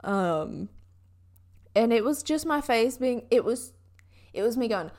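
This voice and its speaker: A woman's voice: on the high side, animated, slow, a little mellow. A young woman with a Southern US accent, chatting casually in a vlog and telling stories with lots of fillers.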